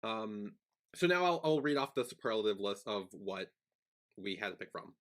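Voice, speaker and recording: A young man co-hosting a casual podcast, rambling and animated with lots of fillers and restarts. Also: fairly low pitch, normal speed. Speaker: podcast co-host. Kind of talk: casual chat.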